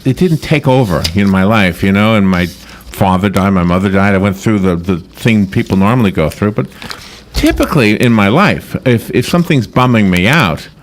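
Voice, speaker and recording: A man's voice: on the low side, animated, moderate pace. A man hosting a radio talk show, chatting in a rambling way that often breaks off and restarts. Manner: chatty, rambling, self-interrupting. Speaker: radio host. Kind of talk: casual radio interview.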